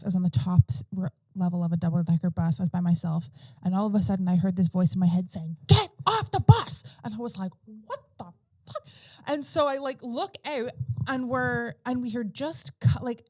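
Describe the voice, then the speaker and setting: A woman's voice: medium pitch, warm tone, no room sound. A woman in a casual podcast conversation, telling a personal story in a rambling way with lots of fillers and restarts. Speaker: podcast guest or host.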